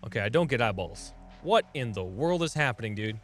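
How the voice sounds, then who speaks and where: Young male let's-play host, excitable and chatty, pitch leaping all over, faint music underneath. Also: fairly quick. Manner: excitable, talks to viewers, yelps and laughs at surprises. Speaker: gaming channel host.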